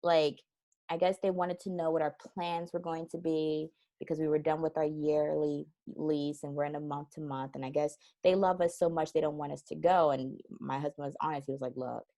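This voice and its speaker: Brief: woman, low-pitched, chatty interview guest, laughs a lot, acts out quotes. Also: fairly quick. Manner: animated storyteller who acts out quoted voices; laughs often while talking. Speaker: guest, transformation strategist. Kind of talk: casual interview chat.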